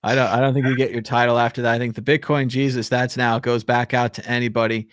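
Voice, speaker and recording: A man's voice: mid-range voice, flat delivery, quick pace, no room sound, studio quality. A man hosting a live call-in show, chatting casually, joking and laughing between rambling remarks. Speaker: show host.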